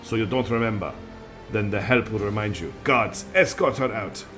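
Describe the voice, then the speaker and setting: Brief: cold, curt space-station lord with a hammy fake Russian accent, quiet and formal, as a streamer puts him on. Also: male voice, fairly low pitch, over music, pitched below the performer's own voice, lightly acted. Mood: dismissive. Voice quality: deliberately bad mock Russian accent. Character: aloof calm male station ruler, curt and indifferent. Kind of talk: voicing game dialogue on a stream.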